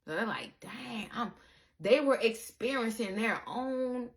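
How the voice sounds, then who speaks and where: A woman giving a casual spiritual monologue to her viewers, animated and profane, calling the listener baby and acting out the people she quotes. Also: a little high, a little slow. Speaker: spiritual content creator.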